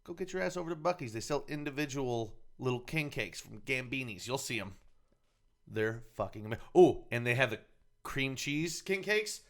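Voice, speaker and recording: A man co-hosting a podcast in casual banter, animated, laughing often and swearing freely. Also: mid-range voice, normal speed. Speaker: podcast co-host.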